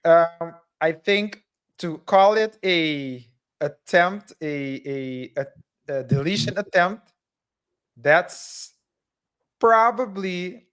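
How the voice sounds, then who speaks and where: A man's voice: high-pitched, a bit bright, smooth. A man co-hosting a casual discussion show, joking and restarting his sentences as he talks. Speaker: podcast co-host. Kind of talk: casual chat.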